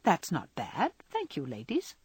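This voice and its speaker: A woman's voice: on the low side, sing-song, normal speed, fairly bright tone, breathy edge, no room sound, exaggerated voice. A woman reading aloud and voicing an idle young man who teases in a lazy, bland drawl. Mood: languid teasing. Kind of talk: audiobook character reading.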